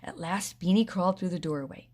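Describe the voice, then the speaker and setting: A woman narrating a children's storybook in a steady, expressive way. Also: lowish voice, a little fast. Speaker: audiobook reader.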